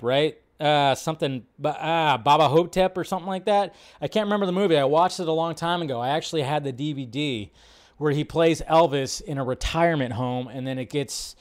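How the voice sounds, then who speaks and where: A man's voice: fairly high pitch, smooth. Rambling, swearing male stream host. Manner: rambling, swears freely, laughs often, reacts to chat. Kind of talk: casual live-stream chat.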